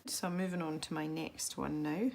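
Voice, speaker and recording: A woman with a slightly low voice narrates a colouring tutorial while she works. She talks in an easy, chatty way, pokes fun at herself and laughs lightly now and then. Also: steady tone, moderate pace, vocal fry, darkish tone, slight background noise. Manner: chatty and self-deprecating, with small laughs.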